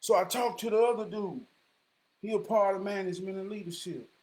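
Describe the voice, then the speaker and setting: A middle-aged man telling a story to camera in a casual monologue, swinging between loud declarations and quiet musing. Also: high-pitched, steady tone, fairly quick. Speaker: vlogger.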